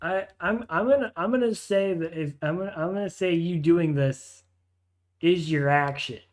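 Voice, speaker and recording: A man's voice: fairly high pitch, normal speed. Hesitant male game master. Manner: hesitant, many fillers and restarts. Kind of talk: narrating a tabletop game.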